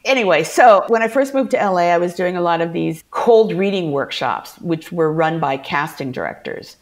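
A middle-aged woman sits in as a guest, spinning lively stories from her career in a casual chat. Her voice sits on the lower side and she breaks into laughter easily. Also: moderate pace. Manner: animated anecdotal storyteller, laughs often. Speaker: guest actor. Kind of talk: casual storytelling interview.

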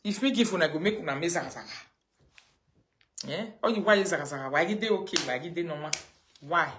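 A woman with a Nigerian accent chatting casually with fans on a live phone video, telling stories in lively pidgin and laughing often. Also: on the low side, quick pace, background noise. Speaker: social media live streamer.

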